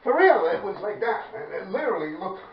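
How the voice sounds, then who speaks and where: A man with a New York accent and a high-pitched, sing-song voice tells his viewers a graffiti story fairly quickly, in loose, profane street talk, laughing as he goes. The recording is echoey, distant and dull, with faint noise.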